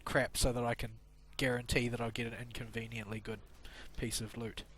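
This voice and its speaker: A man's voice: mid-range voice, flat delivery, a little fast, fairly bright tone, a little hiss or hum. A man in a casual gaming voice chat, grumbling with dry sarcasm into a headset mic. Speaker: gamer on voice chat.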